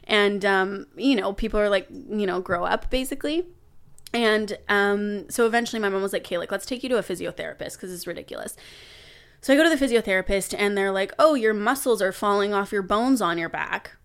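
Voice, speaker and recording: A young adult woman, a podcast guest, telling a personal story in casual chat, animated, laughing and swearing now and then. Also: mid-range voice, brisk.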